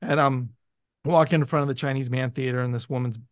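A man from San Francisco chatting casually, telling lively stories and acting out what people said. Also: mid-range voice, quick pace, no room sound, studio quality. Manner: animated storyteller, acts out quotes in raised voices. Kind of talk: casual chat.

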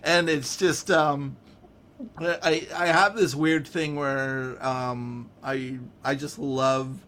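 A man from San Francisco with a Californian accent, chatting casually in an animated, rambling way and laughing often. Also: medium pitch, extremely slow, a little hiss or hum. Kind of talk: casual chat.

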